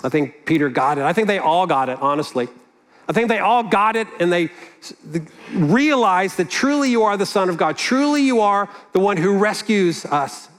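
Earnest, conversational male preacher. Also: high-pitched. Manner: conversational, earnest, with asides and restarts. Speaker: pastor. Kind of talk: sermon.

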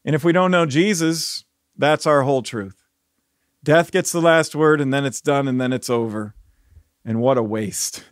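A man's voice: medium pitch, normal speed, dry recording, clean studio sound. A man preaching a sermon in a conversational, emphatic way, asking rhetorical questions.

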